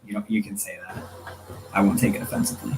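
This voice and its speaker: A man's voice: lowish voice, fast, music in the background, low-quality recording. A man co-hosting a live stream over a video call, joking and reacting to viewer comments. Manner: lively, joking, reads comments aloud. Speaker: co-host. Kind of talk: casual live-stream chat.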